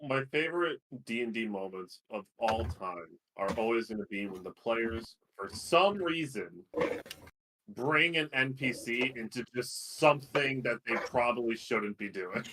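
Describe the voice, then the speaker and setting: A man running a tabletop game as game master, animated and often laughing as he talks. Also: mid-range voice, a little slow, background noise. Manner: animated, laughs often while defending himself.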